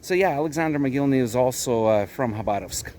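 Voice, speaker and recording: A man's voice: mid-range voice, animated, fast talker, a little mellow, a little hiss or hum. A man from Canada with a Canadian accent, talking through his day in a casual, rambling vlog outdoors at his garden plot. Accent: Canadian English. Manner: chatty, rambling explanations. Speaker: vlogger.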